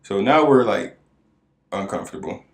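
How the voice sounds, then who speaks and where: A man co-hosting a podcast, telling a story in casual chat and acting out the people in it. His voice cracks high now and then. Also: normal speed, creaky, echoey room. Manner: animated storyteller who acts out quoted voices. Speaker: podcast co-host.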